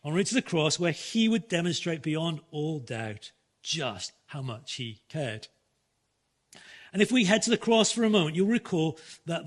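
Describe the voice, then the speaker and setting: A man preaching a sermon in an earnest style, restarting phrases now and then and softening his voice for quoted words. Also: high voice. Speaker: pastor.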